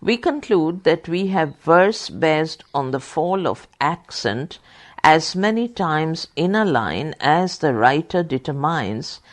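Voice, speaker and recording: A deliberate reader voicing a study text for blind listeners, pausing to name each comma, quote and full stop. The pace is unhurried and the pitch rises and falls expressively. Small slips get corrected right away. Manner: reads punctuation marks aloud, careful and deliberate; corrects own slips aloud. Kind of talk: reading a textbook aloud for blind listeners.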